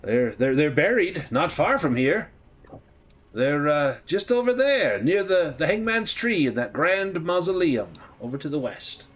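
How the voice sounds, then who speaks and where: A man's voice: on the high side, big pitch swings, unhurried, voice pushed up. Man voicing a rustic, rambling graveyard keeper. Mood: chatty. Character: folksy male graveyard keeper, easygoing.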